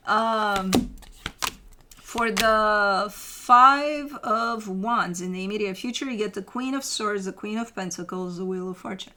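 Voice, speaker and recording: Woman reading tarot cards, chatty and blunt, swears a bit, mid pitch. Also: measured pace, pushed and bright, slight background noise. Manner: casual, swearing, addresses the listener directly. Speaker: tarot reader. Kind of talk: casual tarot reading to camera.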